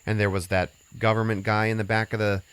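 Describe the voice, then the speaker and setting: Hosting a podcast, a man retells a film's plot in a loose, rambling, filler-heavy and profane chat. His fairly low voice is fast and flat in delivery, with a clear, resonant, slightly bright tone.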